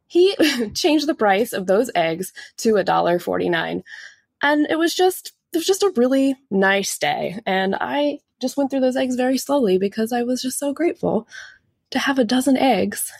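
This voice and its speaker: A woman's voice: fairly high pitch, lively intonation, moderate pace, vocal fry, breathy edge, dry recording, studio quality. Chatty woman telling a story. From United States. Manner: chatty, warm, acts out quoted lines. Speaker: listener sending in a recorded story. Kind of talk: casual storytelling.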